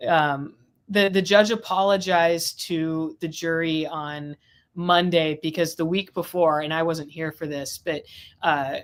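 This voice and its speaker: A woman with a low-pitched, steady voice speaks at a measured pace over a video call. As a legal affairs host, she talks casually about a court trial, chatty and rambling and often restarting her sentences.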